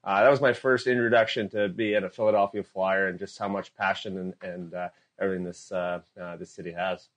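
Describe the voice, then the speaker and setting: A man with a low voice, a guest on a casual podcast chat and a former pro hockey player. He tells his rink stories with energy, often trailing off into quieter asides between the punchlines. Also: fairly quick. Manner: energetic storyteller, drifts into soft trailing asides.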